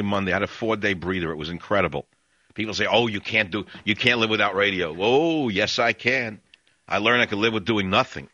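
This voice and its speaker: A man's voice: fairly low pitch, sharp tone, dry recording, dull audio. An older man hosting a radio talk show, rambling and sarcastic as he airs his opinions in a monologue.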